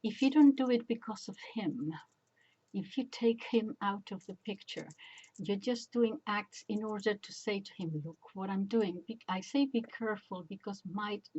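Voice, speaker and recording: An older woman talks slowly through her thoughts on faith, pausing often with ums. Her voice is low, mellow and a little husky. The recording sounds dull and lo-fi. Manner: hesitant, many ums, slow and reflective. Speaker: catholic commentator. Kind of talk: casual religious commentary.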